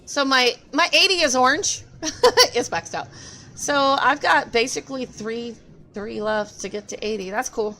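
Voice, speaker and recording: A woman's voice: fairly high pitch, unhurried, sharp tone, soft background music. A woman chatting casually while streaming a game, chatty and easily amused. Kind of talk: casual gameplay chat.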